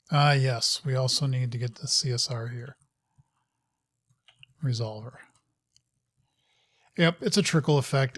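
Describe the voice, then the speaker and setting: A man works through a coding session and thinks out loud at an unhurried, deliberate pace, his voice sitting at an ordinary middle pitch. He mutters to himself, scolds the code and slips in wry, self-mocking asides. The sound is close and dry, with no room around it. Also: dry recording. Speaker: host of a live coding session. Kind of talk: thinking aloud while coding.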